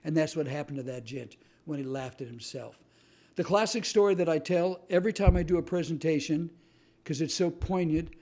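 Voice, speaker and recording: Male host, mellow, fairly high voice, emphatic motivational storyteller. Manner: animated storyteller, punchy emphatic repetitions. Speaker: host and author. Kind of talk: motivational talk.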